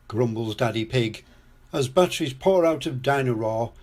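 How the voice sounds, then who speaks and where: An older man reading a children's storybook aloud as a storyteller grandad, in a slow gentle read-aloud. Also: mid-range voice, slightly rough.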